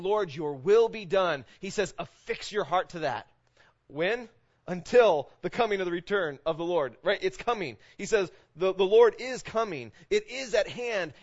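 A pastor with a high-pitched voice preaches to his congregation in a church sanctuary, recorded with lo-fi sound. His sermon is casual and conversational, and he often asks "right?"

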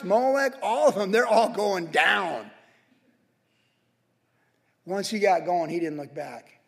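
A man with a high-pitched voice delivers an energetic, casual sermon, peppered with slang. His voice rings out with a long reverb in a church sanctuary. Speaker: pastor.

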